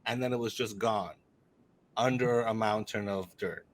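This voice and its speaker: A man on a podcast telling a story in casual chat, animated and teasing, often restarting his sentences. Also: on the low side, a little slow. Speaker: podcast co-host.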